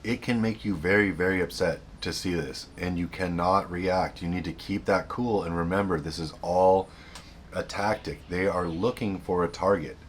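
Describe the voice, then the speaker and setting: Male host, very low voice, earnest advice monologue with self-corrections, faint noise behind. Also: steady tone, moderate pace. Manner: earnest, repeats himself, restarts sentences. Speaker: self-help video host.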